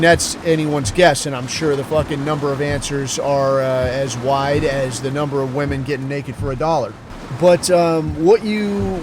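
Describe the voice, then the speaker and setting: A middle-aged man hosts a podcast, delivering a blunt, casual monologue packed with swearing and self-questioning. His voice is fairly high-pitched, and the background is noisy.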